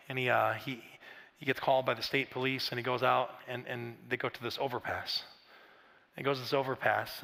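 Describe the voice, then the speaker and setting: A man's voice: medium pitch, creaky, a bit bright, long reverb tail. A middle-aged man preaching a sermon in a conversational, storytelling way with frequent restarts and asides. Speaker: pastor. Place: large church auditorium.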